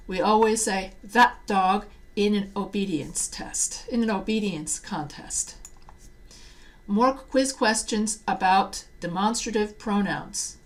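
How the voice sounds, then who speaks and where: A woman teacher walks students through grammar quiz questions in a measured lecture voice. She slows down deliberately to read each example sentence aloud. Her pitch sits in an ordinary middle range. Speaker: writing teacher.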